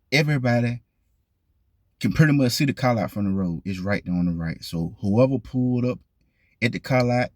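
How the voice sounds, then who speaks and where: Husky man, lively and emphatic. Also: mid-range voice, no room sound. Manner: emphatic, repeats points for stress; talks straight to viewers, asks them questions. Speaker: vlog host. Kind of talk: casual talk to camera.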